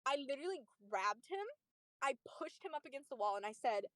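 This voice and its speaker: A young woman streamer chatting casually, telling a story in an animated, profane way. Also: sits high, a little fast, dry recording, studio quality. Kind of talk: casual chat.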